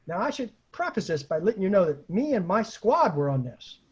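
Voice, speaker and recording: A middle-aged man telling a profane anecdote in a casual, lively way, as the host of an online storytelling call. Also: high-pitched, breathy edge, muffled recording. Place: at home on a video call.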